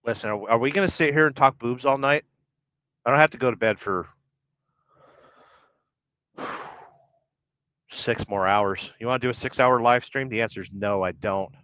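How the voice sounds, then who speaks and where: A man's voice: medium pitch, normal speed, long pauses, bright, forceful tone, no room sound. A middle-aged man chats loosely through a livestream, reading out comments and teasing his viewers in a wry, wandering way. The audio is dry and dull, like a lo-fi stream. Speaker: trucker livestream host. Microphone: podcast-style audio only.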